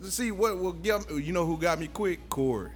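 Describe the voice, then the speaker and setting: Animated man talking loose over music. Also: high voice, normal speed. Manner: animated, laughing, swears freely. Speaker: guest photographer. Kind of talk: casual podcast chat.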